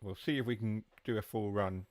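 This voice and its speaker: Low, dry-sounding male streamer, easygoing live commentary that drifts into replies to the chat. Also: steady tone, a little fast, no room sound. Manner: chatty, answers chat while driving. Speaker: game streamer.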